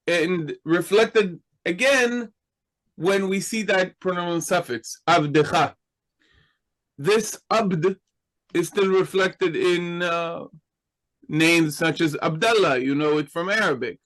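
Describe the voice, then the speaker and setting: A man's voice: sits high, fairly bright tone, poor audio. A man teaching a class in a patient, explanatory way, asking his students questions. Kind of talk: slow, deliberate Hebrew grammar lesson.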